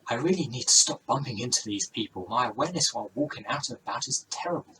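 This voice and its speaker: Blunt young woman, fed up and deadpan, played by a man; bright, forward tone. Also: medium pitch, fast talker, slight background noise, poor audio. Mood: self-mocking. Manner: dry, exasperated put-downs.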